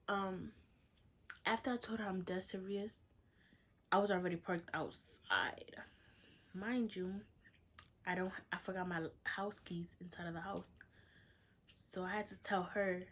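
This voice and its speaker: A young woman vlogger telling a personal story in a casual, chatty way, filling her talk with "like" and acting out what others said. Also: fairly low pitch. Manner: chatty, lots of "like", quotes others in dialogue.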